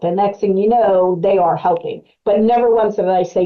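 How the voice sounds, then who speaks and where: A woman's voice: mid-range voice, brisk, narrow, tinny audio. A woman presenting an educational webcast as a clinical specialist, explaining in a conversational way with frequent fillers.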